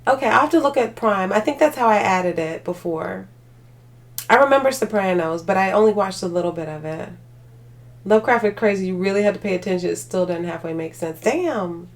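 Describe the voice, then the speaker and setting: A woman's voice: mid-range voice, a little fast. A woman hosting a livestream, tired and chatting away to her viewers. She rambles, leans heavily on filler words and laughs easily, in a mid-range voice for a woman. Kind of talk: casual live chat.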